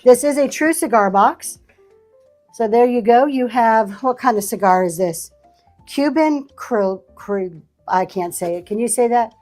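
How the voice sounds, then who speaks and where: A woman's voice: a little high, normal speed, a little mellow, faint music behind. A woman running a live online auction stream, chatting casually and thanking buyers by name as she shows vintage items. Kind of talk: live selling stream chat.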